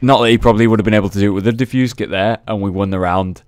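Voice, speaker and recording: A man's voice: on the low side, fairly even intonation, rapid-fire, a little mellow, clean tone, no room sound. A young man chatting casually over gameplay footage, recapping rounds and swearing freely. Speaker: gaming video host.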